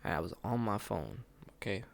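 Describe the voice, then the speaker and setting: A man's voice: on the low side, expressive, fairly quick, vocal fry. A man live streaming, telling stories in casual chat, laughing and swearing often.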